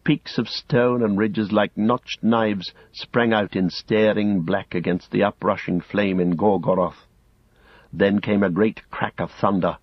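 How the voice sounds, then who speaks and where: A man narrating an audiobook in a measured, grave storytelling manner, close to the mic. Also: fairly low pitch, slightly rough, no echo. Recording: dull lo-fi audiobook recording.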